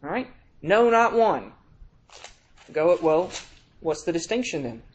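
A man with a high-pitched voice preaches a sermon. His talk is conversational and he often checks in with the congregation. When he reads scripture, he slows right down and stretches out each phrase for emphasis. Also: big pitch swings. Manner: reads scripture aloud in slow, drawn-out emphasis.

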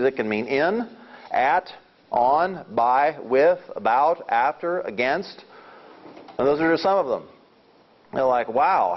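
A man giving an informal Bible lesson, explaining his points step by step and thinking aloud, often restarting his sentences. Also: lowish voice. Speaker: Bible study teacher. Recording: dull lo-fi recording.

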